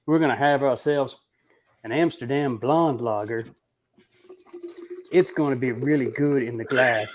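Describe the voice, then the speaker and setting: A man's voice: mid-range voice, a little hiss or hum, natural voice. A man doing a drawling southern beer reviewer. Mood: mocking. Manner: slow drawl, mock-serious.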